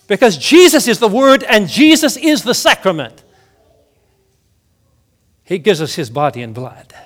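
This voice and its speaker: A male pastor delivering a sermon, slow and emphatic, with dramatic drops to near-whispers. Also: sits high, big pitch swings.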